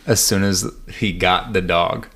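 A man's voice: sits low, fairly even intonation, measured pace, fairly bright tone. A man chatting casually as a podcast co-host, telling rambling, profane anecdotes. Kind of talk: casual chat.

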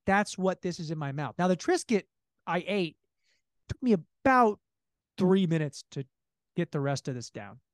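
A man co-hosting a comedy podcast, telling a long story in an animated, profane way and jumping into high voices when he quotes people. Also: normal speed, long pauses, no room sound, studio quality. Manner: laughing, profane. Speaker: podcast co-host.

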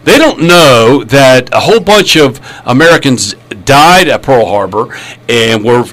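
A man's voice: medium pitch, animated, unhurried, fairly bright tone. A man hosting a talk show, chatting casually and rambling a bit. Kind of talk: casual radio chat.

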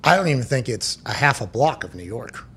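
A man hosting a studio show, riffing loudly in casual chat and swearing freely. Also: medium pitch, big pitch swings, a little fast, breathy edge. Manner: loud, profane, riffing. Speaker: host. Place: studio in Indiana.

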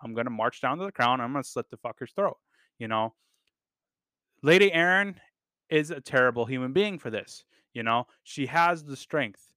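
Male podcast host, casual enthusiastic reviewer, filler-heavy delivery; bright, smooth tone. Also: medium pitch, lively intonation, moderate pace, no room sound, clean studio sound. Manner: rambling, enthusiastic, many fillers and casual swearing. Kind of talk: casual chat.

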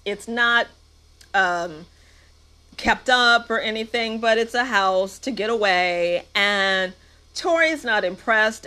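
Woman movie reviewer, casual and sarcastic, slow delivery, mid-pitched voice. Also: sharp tone. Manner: sarcastic, playful.

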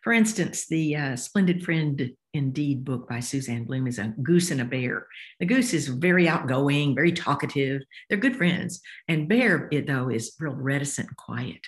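An older woman, an author talking as a guest in an interview, explaining warmly and acting out voices as she goes. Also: a bass voice, normal speed. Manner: expressive, acts out voices while explaining. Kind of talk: interview conversation.

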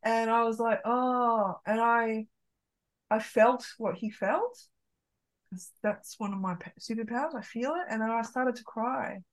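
A woman's voice: fairly high pitch, moderate pace, poor audio. A middle-aged woman, a podcast guest, telling an open, emotional personal story in casual conversation, with many restarts.

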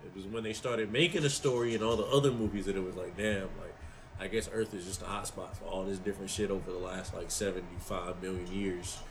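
A man's voice: deep voice, fairly even intonation, fast, rough recording. A young man co-hosting a stream, chatting casually in a slangy, profane way. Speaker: stream co-host. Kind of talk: casual chat.

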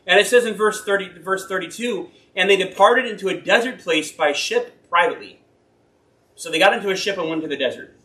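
High-voiced preacher in an echoey room. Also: male voice, pushed and bright. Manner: folksy, earnest, rambling with self-corrections. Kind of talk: informal sermon with Bible reading and personal stories. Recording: roomy echo.

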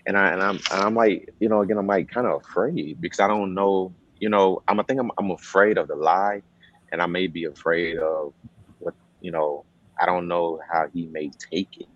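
A man's voice: low-pitched, steady tone, normal speed, a bit bright, muffled recording. A man talking candidly and hesitantly in a casual discussion, with many restarts. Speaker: host.

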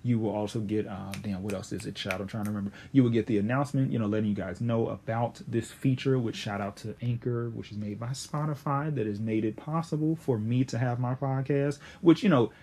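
A young man in his late twenties hosting a podcast, chatting casually in a slangy, animated way with sudden high exclamations. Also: brisk, few pauses, slight background noise. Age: 20s; young adult. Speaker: podcast host.

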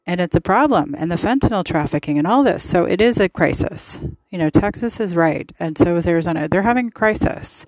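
Solo podcast host, woman, lower register, emphatic and rambling, dry close-mic sound. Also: animated, a little fast, hardly any pauses, a little mellow, dry recording, rough recording. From United States. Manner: chatty, emphatic, with frequent fillers. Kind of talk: casual political commentary monologue.

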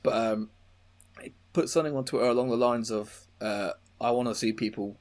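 A man's voice: mid-range voice, brisk, darkish tone. A young British man hosting a casual chat, telling stories in a rambling way and laughing often. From United Kingdom. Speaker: podcast host.

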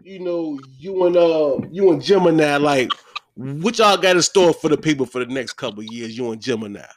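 A man hosting a podcast interview in a relaxed, slangy way, often repeating his phrases. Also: on the high side, normal speed, no echo. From Virginia, USA. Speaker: podcast host. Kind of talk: casual interview chat.

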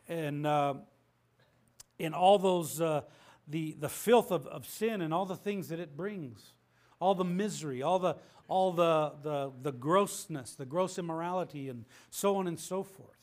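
Impassioned male preacher, fairly high voice. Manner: impassioned preaching with many restarts. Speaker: pastor. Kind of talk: sermon.

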